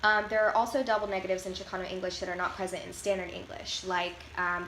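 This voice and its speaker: A woman reading a prepared class presentation in a careful, explanatory way, slowing down to show how words are said. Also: on the low side, little pitch movement, fairly bright tone, roomy sound, slight background noise, poor audio. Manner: careful, explanatory, slows to demonstrate pronunciations. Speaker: student presenter.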